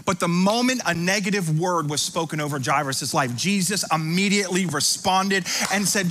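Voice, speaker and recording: A man's voice: high voice, moderate pace, hardly any pauses, bright, forceful tone. A man in his thirties preaching a sermon in church, building to impassioned repetition with humorous asides to the congregation. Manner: preaching with rising intensity and repetition. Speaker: pastor. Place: church sanctuary.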